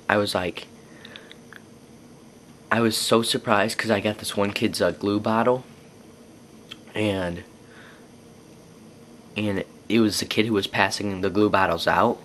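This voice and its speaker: A man's voice: lowish voice, fairly even intonation, measured pace, long pauses, fairly bright tone, slight background noise. A young man telling personal stories to camera in a rambling, casual way. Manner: rambling, lots of fillers and restarts. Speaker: vlogger.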